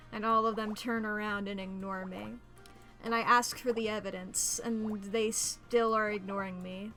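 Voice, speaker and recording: A woman's voice: on the high side, fairly bright tone. A woman streaming a puzzle game, chatting in a playful, rambling way and laughing often. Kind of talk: casual gameplay commentary.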